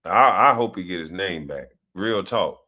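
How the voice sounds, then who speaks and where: Animated, loose-talking man on a livestream. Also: deep voice, moderate pace. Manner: loose, animated, profane banter. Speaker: livestream host. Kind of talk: casual livestream chat.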